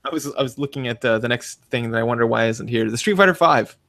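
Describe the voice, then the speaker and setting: A man in his thirties co-hosts a casual gaming podcast. He talks in an animated way and acts out the lines in his stories. The sound is dry and close, with no room echo. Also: mid-range voice, quick pace, vocal fry. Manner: animated storyteller, acts out quotes in big voices. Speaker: podcast co-host. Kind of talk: casual chat.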